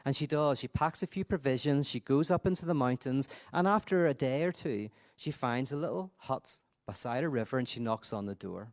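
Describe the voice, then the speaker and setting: A man gives a reflective conference talk, often stumbling and repeating words as he gathers his thoughts. His pitch is middling, and he slips into storytelling as he goes. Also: a little fast, hardly any pauses. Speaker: conference speaker.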